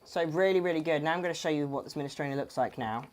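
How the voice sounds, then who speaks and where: A woman's voice: deep voice, fast talker. A woman hosting a home cooking demonstration, chatty and friendly, slipping in corny jokes. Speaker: cooking show host.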